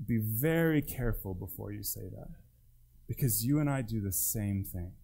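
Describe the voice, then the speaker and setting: A man's voice: lowish voice, expressive, normal speed, creaky, mellow. A male pastor preaching a sermon in church in a conversational, emphatic way. He puts direct questions to the congregation. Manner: emphatic, with acted-out quotes.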